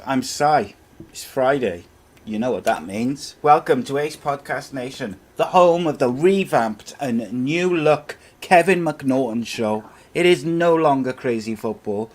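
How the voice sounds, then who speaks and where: A Scottish man hosting a podcast, upbeat, reading promos and calling people mate. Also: medium pitch. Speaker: podcast host. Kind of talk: podcast intro and casual chat.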